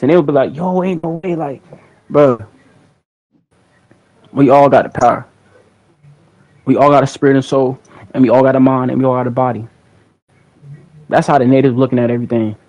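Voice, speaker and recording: Young man, livestream host, casual rambling chat, slangy, repeats words, mid pitch. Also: darkish tone, lo-fi sound.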